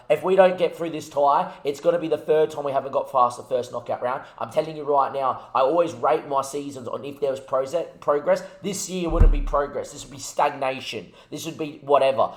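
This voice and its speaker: Ranting, swearing young gamer. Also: male voice, on the high side, a little fast, echoey room. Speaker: gaming YouTuber. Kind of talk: frustrated gameplay commentary.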